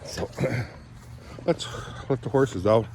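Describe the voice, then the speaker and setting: An older man vlogging outdoors by the woods on a phone camera, rambling as he thinks aloud, often clearing his throat and a bit out of breath. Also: mid-range voice, takes it slowly, a little mellow, a little hiss or hum. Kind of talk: casual morning vlog, thinking aloud outdoors.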